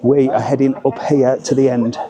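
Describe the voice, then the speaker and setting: A man's voice: medium pitch, little pitch movement, moderate pace. Chatty man filming in a crowd. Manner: chatty, blunt, swears when annoyed. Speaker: travel vlogger. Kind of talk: casual travel vlog. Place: crowded alpine train station and train.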